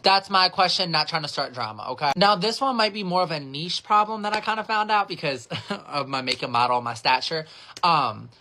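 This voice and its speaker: A man who works in phone customer service tells a casual storytime with a sassy, chatty manner and a voice higher than most men's. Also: brisk, pushed and bright, a little hiss or hum. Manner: chatty and sassy, fills with 'like'.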